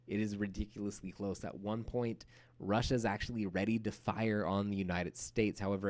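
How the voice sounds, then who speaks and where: Man giving a casual history lecture. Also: fairly low pitch. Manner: casual, animated storytelling with playful acted-out quotes. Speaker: history teacher. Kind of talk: recorded lecture.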